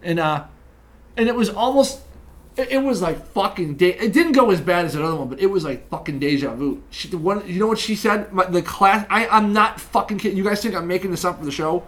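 Fast-ranting New York man, high voice. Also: animated, fairly bright tone. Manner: fast-talking, heavy swearing, ranting storyteller. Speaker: podcast co-host. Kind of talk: casual profane chat.

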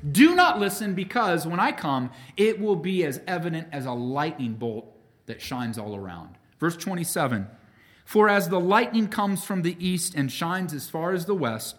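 A male pastor delivers an emphatic sermon in a lively, animated voice that climbs high and falls low. He leans hard on key words, then drops almost to a murmur. He speaks straight to his congregation and calls them friends. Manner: emphatic preaching with wide swings between loud peaks and quiet drops.

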